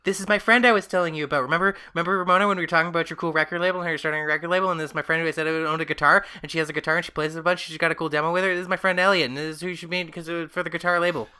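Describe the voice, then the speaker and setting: Man doing a hyper young woman, gushing, fast, bright. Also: fairly high pitch, clear, resonant tone, voice pushed up. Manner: rapid gushing over-excited chatter.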